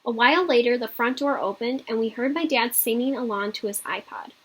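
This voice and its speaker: A woman teacher reads a children's chapter book aloud, telling the story expressively and stopping to talk through what the main character wants. Her voice is husky and breathy, pitched somewhat high. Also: a little fast.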